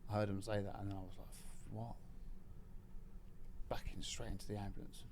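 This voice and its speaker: Lively, swearing storyteller, man. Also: lowish voice, fairly quick, a little hiss or hum. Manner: animated, swearing, laughing retelling. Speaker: podcast guest. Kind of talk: casual storytelling.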